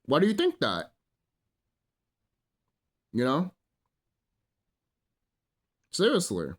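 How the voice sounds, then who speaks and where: A man delivers a profane, rambling solo rant, stumbling through fillers as he preaches to his listeners. His voice sits somewhat high and swings widely in pitch as he works himself up. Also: wildly swooping pitch, drawn-out words, slightly rough. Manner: preachy, addresses listeners as brothers and sisters. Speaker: vlogger. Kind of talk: solo ranting monologue.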